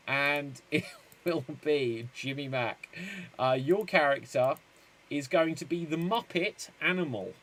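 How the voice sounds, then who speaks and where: Upbeat male improv host, bright and fairly high voice. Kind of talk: hosting a live-streamed improv show.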